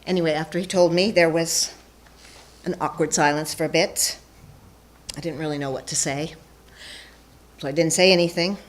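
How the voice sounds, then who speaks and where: A woman's voice: deep voice, fairly even intonation, normal speed, long pauses, slight background noise. A woman telling a personal story onstage before a live audience, playful and self-mocking.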